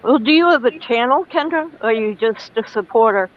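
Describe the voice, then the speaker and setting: A livestream host chatting casually, asking quick, teasing questions. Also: mid-range voice, expressive. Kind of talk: casual chat. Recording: muffled lo-fi audio.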